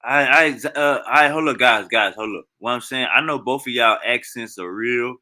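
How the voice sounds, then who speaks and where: A man hosting a live-stream debate, calming his guests in a laid-back, repetitive way. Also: medium pitch, moderate pace.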